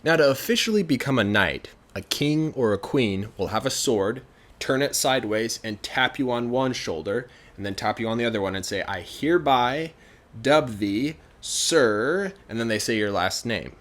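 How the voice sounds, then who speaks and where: A male storyteller retelling a folk tale in a casual, conversational manner. He talks in a relaxed way, often using fillers. The voice sits in an average middle pitch. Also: fairly quick. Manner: chatty, many fillers, grows animated.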